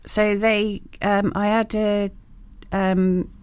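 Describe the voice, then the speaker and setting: A woman's voice: mid-range voice, flat delivery, drawn-out words, a little mellow, clean tone, no room sound, highs cut off. A woman guest talking frankly and casually in an interview, with lots of fillers and restarts. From England. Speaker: guest, shop owner.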